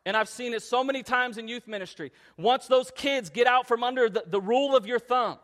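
A man in his thirties preaching a sermon in an earnest, conversational way that climbs to loud emphatic passages. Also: very high voice, a little fast. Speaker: pastor.

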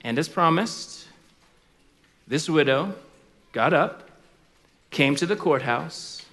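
A man preaches with a high, bright voice that rises and falls dramatically as he tells a story. He speaks slowly and deliberately. Each phrase rings out in a big hall with a long reverb. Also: lively intonation. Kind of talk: sermon storytelling.

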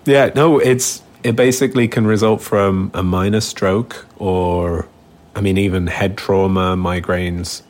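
A man co-hosting a chat podcast, chuckling often and explaining facts in a relaxed way. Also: deep voice, measured pace. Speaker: podcast co-host. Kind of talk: casual chat.

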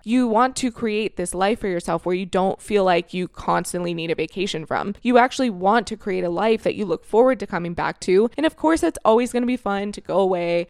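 A young woman from Florida talks into a close podcast mic, earnest and encouraging, breaking into a laugh now and then. Her voice is smooth and clear. The sound is dry, with no room echo. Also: fairly low pitch. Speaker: podcast host. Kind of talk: solo podcast monologue.

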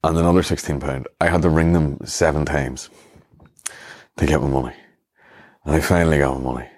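A man's voice: very deep voice, fairly even intonation, brisk, darkish tone, dry recording, clean studio sound. A man hosting a show, rambling through comic, self-mocking stories and acting out the other people in them. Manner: rambling, self-mocking, acts out voices in quotes. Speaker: podcast host. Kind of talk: comic storytelling monologue.

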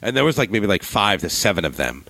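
A man's voice: very animated, quick pace, gravelly, dry recording. A man from northern New Jersey telling a rambling, profane story in casual chat, acting out what other people said. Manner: swings high and loud when quoting others.

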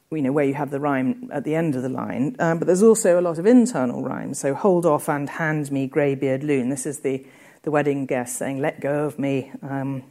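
A woman lecturing on poetic technique, with frequent ums, reading verse lines slowly and deliberately between her explanations. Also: sits low, dark tone. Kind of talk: literature lecture.

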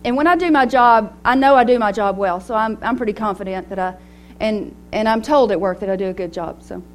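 A middle-aged woman speaking to a women's gathering in a personal, animated way, laughing often as she talks. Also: medium pitch, a little fast, slight background noise. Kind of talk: devotional talk to women.

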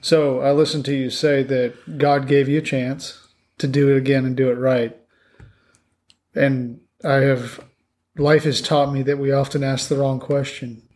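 A man with a mid-range voice hosts a podcast and interviews a guest. He asks his questions calmly and in a measured way. He sits across a table from the guest. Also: mid-range voice. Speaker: podcast host. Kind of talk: interview conversation.

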